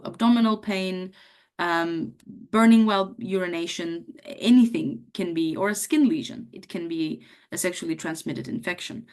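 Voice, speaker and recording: A woman lecturing medical students, her voice a little hoarse from a cough. She talks in a relaxed, conversational way and slips into the questions she would put to a patient. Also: lowish voice. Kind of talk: teaching a workshop on history taking.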